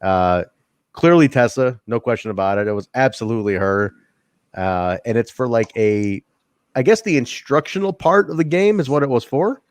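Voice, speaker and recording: A man's voice: mid-range voice, lively intonation, normal speed, no echo. Laid-back man rambling on a podcast. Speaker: wrestling podcast co-host. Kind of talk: casual chat.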